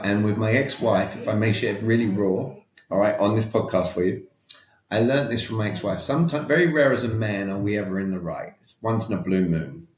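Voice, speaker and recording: A man with a British accent, speaking as an interview guest who coaches on communication. He talks emphatically and directly, often checking in with "all right?". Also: fairly low pitch. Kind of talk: casual interview talk. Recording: roomy echo.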